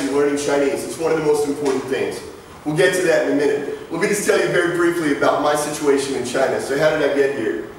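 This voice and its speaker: This man in his forties speaks at a fairly high pitch as a guest lecturer, chatting with students and weaving in anecdotes, jokes and side remarks. The recording catches him from a distance in a big, echoey lecture hall, and there's slight hiss or hum.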